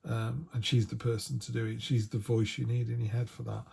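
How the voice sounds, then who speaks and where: A man's voice: mid-range voice, level tone, a little fast, vocal fry, a little mellow, slightly rough. A man giving a casual tarot reading, chatty and full of restarts. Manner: chatty, quotes imagined voices, frequent restarts. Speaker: tarot reader.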